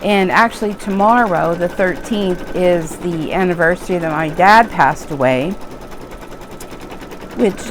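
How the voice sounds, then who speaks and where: A woman's voice: lowish voice, measured pace, noisy background. A middle-aged woman hosting an embroidery video, talking in a rambling, chatty way while she works. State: tearful at times. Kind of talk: casual chat while crafting.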